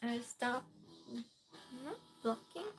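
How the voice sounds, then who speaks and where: A woman's voice: fairly high pitch, animated, takes it slowly, faint music behind. A woman hosting a casual live stream, greeting viewers by name and reading their comments aloud during a true-or-false game.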